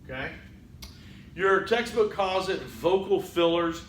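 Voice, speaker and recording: A man teaching a public speaking class in a conversational lecture, often saying "okay" and acting out halting speech full of fillers. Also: high voice, expressive, reverberant, slight background noise, low-quality recording. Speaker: college public speaking instructor. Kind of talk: recorded lecture.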